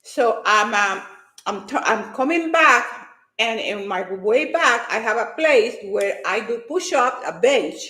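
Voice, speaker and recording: Animated woman telling a faith story. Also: fairly high pitch, takes it slowly, reverberant. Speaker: fitness competitor. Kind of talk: personal faith testimony.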